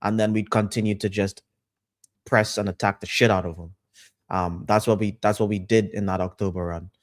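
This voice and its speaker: A man's voice: lowish voice, steady tone, moderate pace, no room sound, studio quality. A man on a podcast panel, talking football in a casual, emphatic way, repeating his points with lots of fillers.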